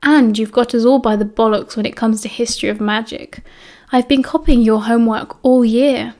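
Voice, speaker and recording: A woman reading aloud plays an easygoing teenage schoolboy with a British accent, breezy and sure of himself. He talks in a relaxed, reassuring way, a bit louder than the narration. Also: a little high, moderate pace, natural voice. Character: cheerful confident teenage schoolboy wizard, easygoing.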